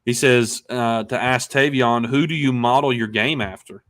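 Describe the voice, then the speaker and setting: A man's voice: medium pitch, moderate pace, a bit bright. A man co-hosting an interview show, friendly and upbeat, with lots of fillers. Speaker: podcast co-host. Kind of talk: casual interview chat.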